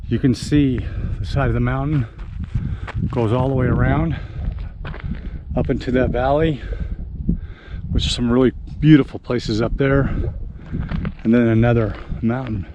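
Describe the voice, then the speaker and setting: An older man vlogging casually on a morning hike, slightly out of breath and rambling with many pauses, recorded outdoors on a handheld camera. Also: medium pitch, steady tone. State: a little out of breath. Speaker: RV travel vlogger. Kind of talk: casual walking vlog. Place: outdoors on a mountain campground hillside. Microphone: handheld camera while walking. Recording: outdoor wind and ambient noise.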